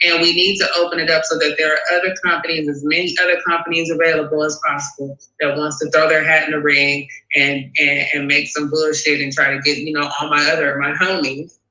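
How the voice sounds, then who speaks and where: A man with a bright, tense, fairly high voice, ranting in an animated, sarcastic, profane way. He hosts a call-in talk show. The sound is echoey, like a bare room. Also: brisk, hardly any pauses. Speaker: host. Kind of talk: profane political rant and call-in chat.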